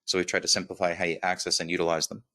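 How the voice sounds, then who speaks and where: This male software demo presenter has a slight lisp and a flat, low delivery while running an energetic product walkthrough in a webinar. He moves upbeat and quick, dropping in "right?" to check on listeners.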